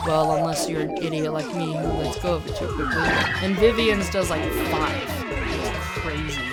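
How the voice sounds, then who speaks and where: A woman's voice: fairly low pitch, fairly quick. A woman hosting a let's-play, rambling and self-mocking with laughs in casual gameplay commentary. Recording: game music behind.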